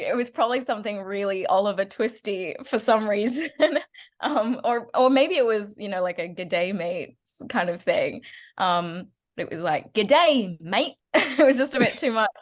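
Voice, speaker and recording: A woman's voice: medium pitch, normal speed. A woman in her twenties from Australia with an Australian accent, chatting as a guest actress and laughing often. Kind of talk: casual interview chat.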